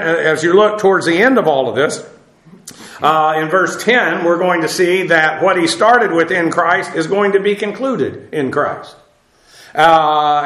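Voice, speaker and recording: A man's voice: fairly high pitch, a bit bright. Man teaching scripture in an echoey room. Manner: measured, explanatory, frequent "uh" fillers. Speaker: Bible teacher. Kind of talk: sermon.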